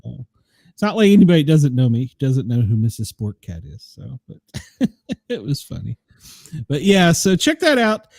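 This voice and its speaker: A man's voice: mid-range voice, very animated, moderate pace, gravelly, darkish tone, dry recording, studio quality. A middle-aged man from the US South, hosting a casual chat show and telling stories, laughing often. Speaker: podcast host.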